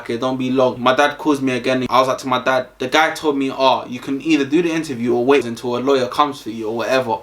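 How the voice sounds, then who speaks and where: A man's voice: mid-range voice, a bit bright. A young man with a London accent, telling a casual storytime vlog in a slangy, rambling way full of fillers. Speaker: vlogger.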